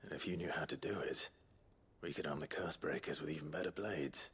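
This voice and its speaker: An actor playing an earnest young warrior who speaks calmly and in a measured, soft-spoken way. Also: male voice, a bass voice, slightly rough, full character voice.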